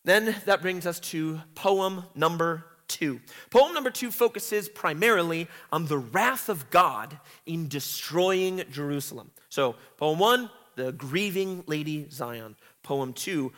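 A man's voice: fairly high pitch, a bit bright, long reverb tail. A man reading scripture aloud and explaining it, earnest, sometimes breaking into emphatic paraphrased cries. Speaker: Bible teacher.

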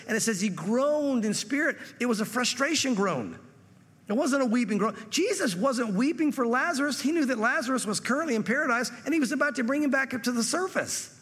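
A man's voice: very high voice, animated, a little fast, a bit bright, slightly rough, long reverb tail. A man preaching a sermon as pastor, reading scripture and acting out quotes in a conversational way.

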